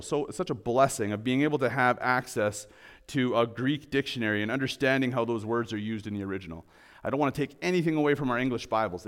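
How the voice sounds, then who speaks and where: Earnest man preaching a sermon. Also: mid-range voice. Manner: earnest, explanatory, with restarts. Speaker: pastor.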